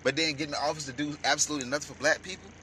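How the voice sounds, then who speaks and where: Angry high-voiced man ranting. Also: steady tone, very fast, slight background noise. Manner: angry, profane, shouting at times. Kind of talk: heated ranting commentary.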